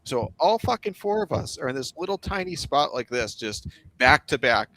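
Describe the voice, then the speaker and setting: A man, a volunteer soldier, telling war stories in a blunt, profane, wryly dark-humored way on a casual stream. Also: fairly high pitch, big pitch swings, moderate pace. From United States. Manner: profane, blunt, heavy swearing. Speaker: guest, foreign volunteer soldier.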